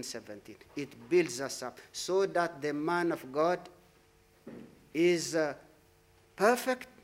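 A man preaching a sermon in a church, emphatic, repeating his phrases and trailing off softly at the ends of lines. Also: fairly high pitch.

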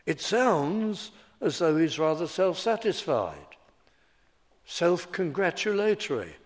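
Slow, measured preacher. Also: male voice, fairly high pitch, expressive. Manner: measured expository preaching, slowing to stress quoted scripture. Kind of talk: sermon.

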